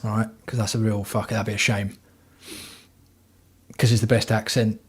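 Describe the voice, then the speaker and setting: A man's voice: fairly low pitch, little pitch movement, moderate pace, breathy edge. A man hosting a casual livestream from home, talking bluntly and rambling with plenty of swearing. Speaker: livestream host.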